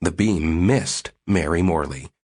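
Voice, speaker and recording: A man reading a novel aloud as audiobook narrator in a steady, measured way. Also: sits low. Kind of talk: scripted narration.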